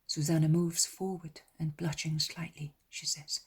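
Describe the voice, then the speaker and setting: Narrator: woman, whispered reading, very husky, low-pitched, reverent. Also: flat delivery, measured pace, few pauses. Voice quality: breathy, near-whispered delivery. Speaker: audiobook narrator.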